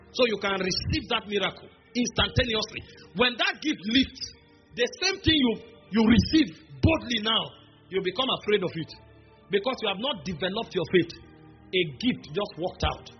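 A male preacher with a strikingly high voice delivers an emphatic sermon, drawing out key phrases for weight and slipping in wry asides. The recording is dull and lo-fi, with faint music underneath.

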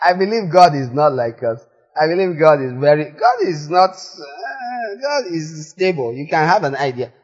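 A man preaching a sermon in a church, animated, moving from quiet asides to loud exclamations. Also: a little high, normal speed. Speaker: pastor. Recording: echoey hall, slightly dull sound.

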